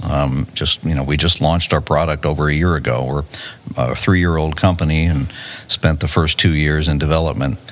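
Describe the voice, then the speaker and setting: Deep-voiced male executive, self-assured podcast guest who restarts his phrases. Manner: confident, fluent, many restarts and repeated words. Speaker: tech company CEO, guest. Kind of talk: conversational podcast interview. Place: conference venue.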